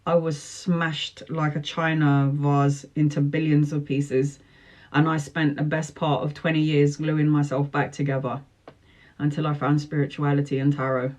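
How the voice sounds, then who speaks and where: A woman's voice: low voice, flat delivery, normal speed, darkish tone. Earnest woman preaching self-love. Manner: earnest, emphatic, motivational, with repeated slogans. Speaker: tarot reader. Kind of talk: live social-media talk answering viewer questions.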